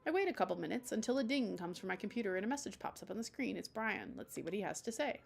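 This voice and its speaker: A woman's voice: mid-range voice, animated, fast, vocal fry. A young woman streamer reading a dating game aloud at home, playful and chatty as she acts out the text.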